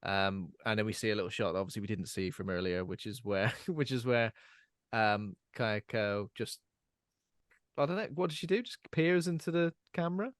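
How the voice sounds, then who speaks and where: A man's voice: on the low side, animated, normal speed, no echo, clean studio sound. A man hosting a podcast, recapping a horror film's plot in order between jokes and laughs. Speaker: podcast host. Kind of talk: casual film discussion.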